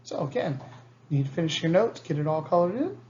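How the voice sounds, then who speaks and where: A man's voice: a little high, sing-song, quick pace, a little mellow. A man teaching history in a recorded lecture, in a casual way, often checking in with students and acting out quotes. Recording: slightly dull lo-fi recording.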